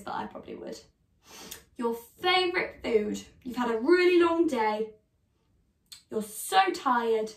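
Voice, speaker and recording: A woman's voice: a little high, creaky. A young British woman in her twenties leading an online drama class for children, upbeat and encouraging as she talks straight to the kids. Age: 20s. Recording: echoey room, voice from a distance.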